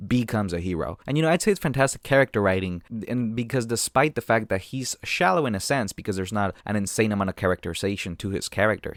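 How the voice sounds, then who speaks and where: A man chats casually about light novels for his video, animated and rambling, with plenty of fillers. His voice sits on the low side. The sound is dry and close to the mic. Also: no echo. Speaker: book reviewer.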